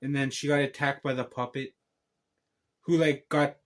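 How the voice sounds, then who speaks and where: A man's voice: medium pitch, little pitch movement, moderate pace. A man giving a casual spoken film recap as a reviewer, rambling through a tangled retelling full of restarts.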